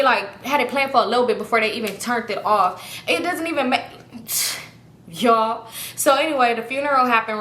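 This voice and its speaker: A young woman, telling a funny story in a casual storytime, animated and profane, acting out the people she quotes. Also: on the high side, reverberant.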